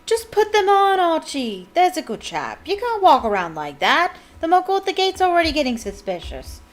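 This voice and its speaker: Woman putting on a fed-up wizard guy, pleading loud and bouncy. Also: very high-pitched, huge pitch swings, normal speed, pitched above the performer's own voice, full character voice. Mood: exasperated. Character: exasperated male ministry wizard.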